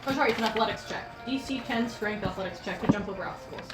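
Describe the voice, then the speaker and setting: A woman's voice: mid-range voice, fast. A woman running a tabletop game as game master, talking casually with lots of fillers and laughs. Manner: casual, giggly, filler-heavy. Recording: echoey room, far mic, music behind.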